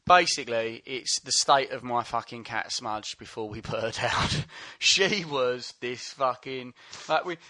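A man's voice: mid-range voice, measured pace, hardly any pauses, pushed and bright, no room sound. A man co-hosting a podcast, telling a rambling story with swearing and laughter. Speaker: podcast co-host. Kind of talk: casual storytelling.

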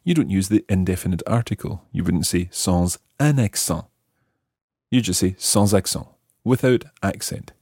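A man's voice: deep voice, fairly quick, darkish tone, breathy edge, dry recording, clean studio sound. A man hosting a language lesson, patiently explaining and repeating phrases. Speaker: language teacher host.

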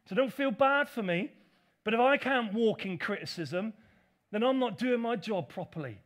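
A man preaching a sermon as pastor, animated and acting out the voices of critics. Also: high voice, moderate pace.

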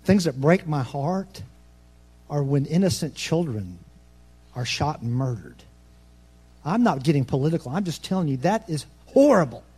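A pastor preaching a sermon, nervous and fast-talking, with folksy asides that swing between soft remarks and loud, ringing proclamation. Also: male voice, a little high, expressive, slightly rough. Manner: folksy, self-deprecating asides.

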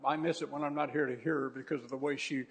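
A man's voice: medium pitch, steady tone, fast, husky. A man preaching a sermon to his congregation as their pastor, fervent and exhorting, repeating phrases for emphasis. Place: church service before a congregation.

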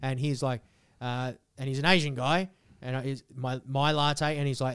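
A man's voice: medium pitch, steady tone, a little fast, fairly bright tone, clean tone. A young Australian man telling a rambling, sweary comic story as a podcast co-host. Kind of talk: casual comedic chat.

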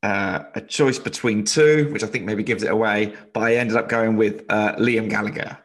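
A man's voice: fairly low pitch, steady tone, normal speed. Chatty man on a podcast. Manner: chatty, many likes and restarts. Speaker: podcast co-host. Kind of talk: casual chat.

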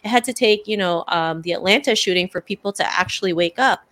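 A woman's voice: mid-range voice, fast, a bit bright. A woman talking as a podcast guest. She speaks earnestly in a casual interview and fills her talk with "like" and "you know".

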